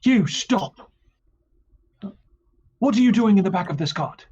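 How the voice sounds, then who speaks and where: Man putting on a guard: tense, higher, barking orders, muffled audio. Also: animated, normal speed, darkish tone, slightly rough. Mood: alarmed. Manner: commanding, urgent. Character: wary armed city guard, adult man.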